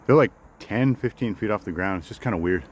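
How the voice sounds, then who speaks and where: Low-voiced man rambling on a woodland walk. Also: animated, brisk, a little hiss or hum, low-quality recording. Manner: rambling, repeats phrases, chats with viewers. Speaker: vlogger hosting a live walk. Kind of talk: casual live-stream chat while walking. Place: outdoors in woods.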